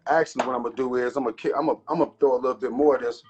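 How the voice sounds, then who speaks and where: A man's voice: medium pitch, fairly even intonation, rapid-fire, a little mellow, dull audio. A man hosting a casual cooking show from his home kitchen, chatting loosely and talking straight to his viewers. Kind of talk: casual live cooking chat. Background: faint jazz music.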